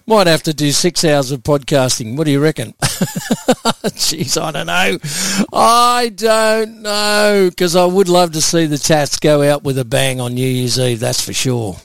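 Chatty Australian radio host, smooth voice. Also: male voice, fairly high pitch, moderate pace, no echo. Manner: chatty, laid-back, chuckles between remarks. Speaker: radio host playing listener requests. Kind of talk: casual radio chat.

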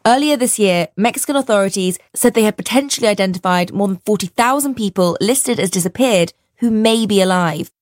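A woman reporter delivering a news report in a measured way. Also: medium pitch, no echo, clean studio sound.

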